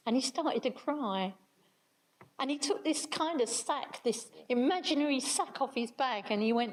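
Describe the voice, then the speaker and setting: A woman's voice: on the high side, unhurried, rough recording. An older woman, speaking to an audience in an earnest, reflective way. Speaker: speaker at a talk on restorative justice. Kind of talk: storytelling talk to an audience.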